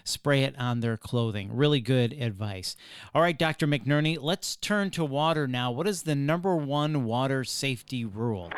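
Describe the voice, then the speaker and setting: A man's voice: mid-range voice, moderate pace, smooth, no room sound, clean studio sound. A man hosting an interview, asking questions and summing up the answers in an upbeat, affirming way. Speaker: host.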